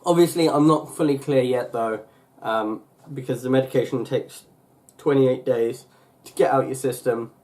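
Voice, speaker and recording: A man's voice: medium pitch, fairly even intonation, normal speed, few pauses, a little mellow. A young man from England talking casually on his vlog, rambling with lots of fillers and restarts. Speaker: YouTuber.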